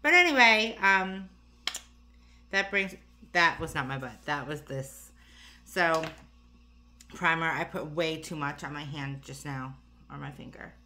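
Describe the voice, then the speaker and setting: A woman's voice: low-pitched, bright, forceful tone. A tired, slightly breathless woman chatting casually through a makeup tutorial, rambling with lots of fillers and asides. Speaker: beauty vlogger.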